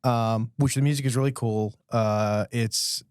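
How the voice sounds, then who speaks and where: A man's voice: mid-range voice, steady tone, a little slow, a little mellow, clear, resonant tone, dry recording, studio quality. A man co-hosting a podcast, rambling through movie trivia and chuckling at the jokes. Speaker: podcast co-host. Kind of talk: casual chat about a film.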